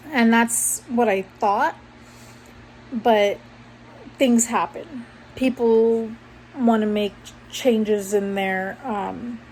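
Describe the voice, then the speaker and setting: A woman's voice: fairly high pitch, warm tone, low-quality recording. A young woman vlogger casually telling a personal story, rambling and correcting herself as she goes. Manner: rambling, self-correcting, conversational. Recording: faint background noise.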